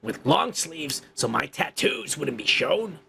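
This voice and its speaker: A man's voice: fairly high pitch, big pitch swings, takes it slowly, vocal fry, sharp tone, slight background noise. A male podcast host ranting in crude, heated commentary, swearing and repeating himself.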